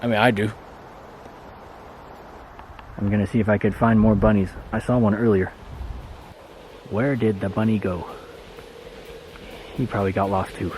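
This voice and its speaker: A man's voice: on the low side, steady tone, moderate pace, pauses often, a little mellow, a little hiss or hum. A man talking casually to himself while hiking a pine forest trail, rambling and playful. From Colorado. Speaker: hiking vlogger. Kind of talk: casual hiking vlog talk.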